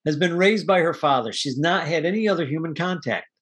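A man chatting casually as a podcast co-host, animated, acting out lines from a film and laughing often. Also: a little high, brisk, husky. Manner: animated storyteller, acts out movie quotes, laughs often. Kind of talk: casual chat.

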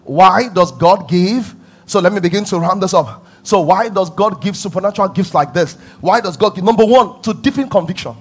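A man's voice: sits high, moderate pace, breathy edge. A man preaching a sermon, telling stories with lots of emphatic repetition and frequent laughter. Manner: emphatic, repeating phrases for stress; animated storytelling, often laughing.

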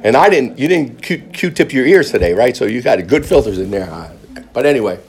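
A man preaching a testimony sermon, joking with the congregation and breaking into loud high quoted voices. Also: animated, a little fast.

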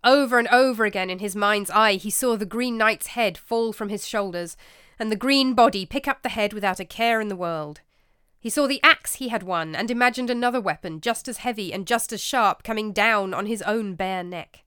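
Woman narrator, measured storybook reading, dry close sound. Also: medium pitch, a bit bright, clear, resonant tone, no echo.

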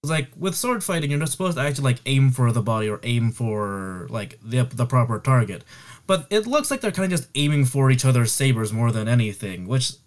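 A man in a casual group chat, explaining his view in a thoughtful, measured way with some hesitations. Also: mid-range voice, very animated.

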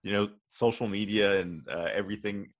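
A man's voice: on the low side, fairly even intonation, fairly quick. A young man co-hosting a podcast, chatting casually and rambling through a made-up story. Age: young adult. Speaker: podcast co-host. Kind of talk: casual chat.

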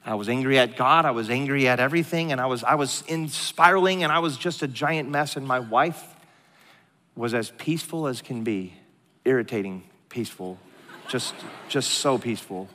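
A middle-aged pastor preaching a sermon in a large church hall, an animated, joking storyteller who drops to a hushed tone for serious moments. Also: male voice, mid-range voice, normal speed. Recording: long hall reverb.

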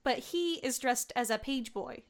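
A woman's voice: high voice, measured pace. A woman in casual chat, laughing often and chiming in with asides about a movie.

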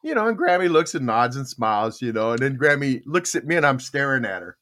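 An older man, a podcast host, telling a casual story in an animated way and acting out the voices of the people in it. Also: medium pitch, brisk. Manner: animated, acts out quoted voices.

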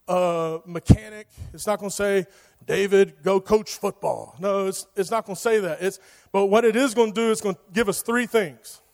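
A man preaches to young people, loose and joking, leaning on filler words. His voice sits high for a man, and a long reverb from the church hall trails behind every line. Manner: casual, joking, lots of "like". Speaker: youth pastor. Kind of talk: sermon.

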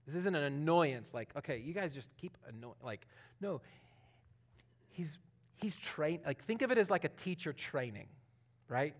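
High-voiced preacher, chatty and informal. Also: male voice. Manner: informal, many fillers, swings between loud and hushed. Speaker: pastor. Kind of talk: conversational sermon.

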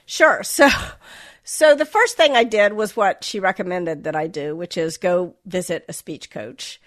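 Her voice is fairly low and measured in pace. A middle-aged author and interview guest from the American South who no longer has a Southern accent, she speaks General American, candid and reflective, poking fun at herself and often starting over.

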